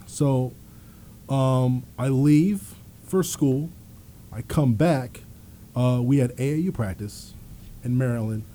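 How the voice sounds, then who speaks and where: A man's voice: medium pitch, takes it slowly, long pauses, a little hiss or hum. A man in his thirties, a former college basketball player, telling stories in a studio chat, laughing often and acting out the people he quotes. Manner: animated storyteller, laughs often, acts out quoted voices. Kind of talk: casual storytelling.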